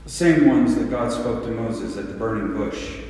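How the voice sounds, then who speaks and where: A man preaching a sermon as pastor, deliberate and full of rhetorical questions and repeated words. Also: medium pitch, darkish tone. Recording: echoey hall from a distant mic.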